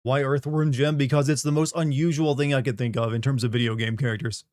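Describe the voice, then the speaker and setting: A man's voice: mid-range voice, fairly even intonation, fast, darkish tone, no room sound, studio quality. A middle-aged man from the Southern United States chatting casually on a live stream, rambling, joking and reading chat aloud.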